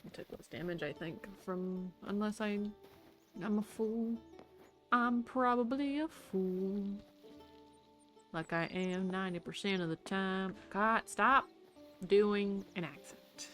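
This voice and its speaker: A woman's voice: medium pitch, animated, unhurried, soft background music. A young woman streaming a game, chatting casually to herself and to the creatures she meets. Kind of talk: casual gameplay commentary.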